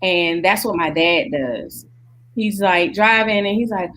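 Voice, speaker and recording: A woman's voice: on the low side, unhurried, a bit bright, rough recording. A woman telling family anecdotes in a casual group chat, laughing through her stories. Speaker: guest, daughter.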